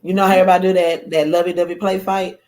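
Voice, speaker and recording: Woman guest, animated storyteller, Black speech, acts out quotes. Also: on the low side, very fast. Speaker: guest author. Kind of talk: casual chat.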